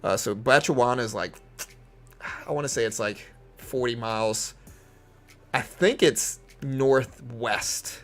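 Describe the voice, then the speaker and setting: A man's voice: medium pitch, slow, faint music behind. A young man from Louisiana with a Southern accent, chatting casually and giving live market commentary. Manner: laid-back, chatty, uses lots of fillers. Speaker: live stream trader.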